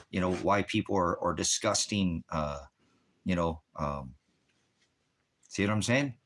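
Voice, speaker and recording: Deep, a bit bright and unhurried, the voice belongs to an American military veteran who leaves long pauses. He hosts a ministry livestream in the desert, heavily profane as he angrily berates people in his chat.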